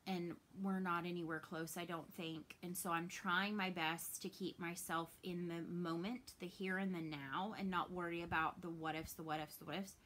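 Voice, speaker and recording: A woman in her thirties with a Southern American accent chats casually to camera in her home cross stitch vlog, open and talkative, trailing off softly when sad. Her lowish voice is steady, at normal speed with few pauses, over a little hiss or hum.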